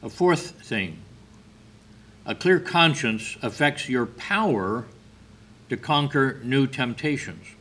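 A man giving a sermon, telling stories in a slow, measured way with brief hesitations. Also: mid-range voice, lively intonation, fairly bright tone. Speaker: preacher.

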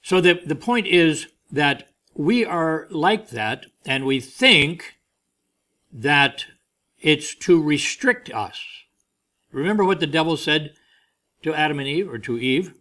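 A man's voice: a little high, lively intonation, takes it slowly, bright, forceful tone. A man preaching a sermon, telling a family story and acting out the voices he quotes.

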